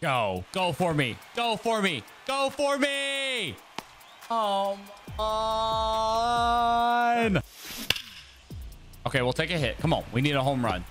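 Excitable man reacting to card pulls. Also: high-pitched, slow, soft background music. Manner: excitable, reacts loudly to pack pulls and plays; talks straight to viewers. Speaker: gaming YouTuber. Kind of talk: gameplay commentary with voice-over narration.

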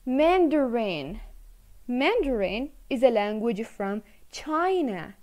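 A woman's voice: fairly high pitch, very animated, slow pace, darkish tone. A woman teaching an English video lesson to children, encouraging, repeating words and switching into to explain.

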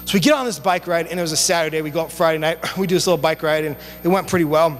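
A young man preaching a sermon as youth pastor, telling stories in a casual, animated way with relaxed slang. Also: on the high side, racing. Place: church sanctuary. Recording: long church hall reverb, faint hum.

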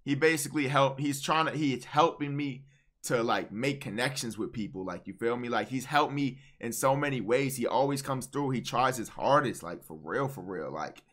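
A young man hosting a casual livestream chat, animated and teasing, cutting in with quick repeated words. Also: medium pitch. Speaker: streamer host.

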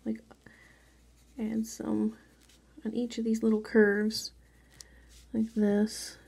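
A woman casually talking viewers through a drawing tutorial, chatty and softly spoken, with rambling asides. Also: a little high, monotone, slow, vocal fry, husky. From Mexican background.

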